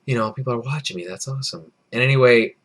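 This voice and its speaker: A man's voice: medium pitch, fast talker, fairly bright tone. A young man in his early twenties, tipsy from beer, telling a rambling, profane, self-deprecating story in a casual vlog. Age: early 20s. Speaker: vlogger.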